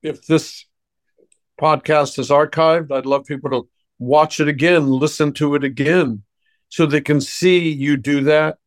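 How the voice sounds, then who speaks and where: A man who works as a voice coach, speaking in a deliberate, reflective way and telling stories during a podcast interview. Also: a little high, dry recording.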